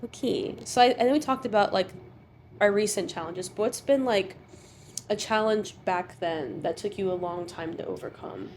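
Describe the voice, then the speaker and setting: A woman's voice: mid-range voice, moderate pace, a little mellow, slight background noise. A woman hosting a podcast in casual chat, encouraging her guest with frequent affirmations and fillers. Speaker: podcast host.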